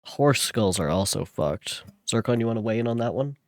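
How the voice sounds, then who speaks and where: A young man streaming, chatting casually with viewers and reading a novel aloud in a relaxed way. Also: medium pitch, normal speed, no room sound, studio quality. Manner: relaxed, chatting with viewers between read passages.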